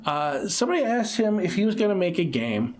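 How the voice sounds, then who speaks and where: Higher-voiced man, casual co-host. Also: very animated, a little fast, a little hiss or hum. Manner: laughs often, repeats words while talking. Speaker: podcast co-host. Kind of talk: casual chat about video games.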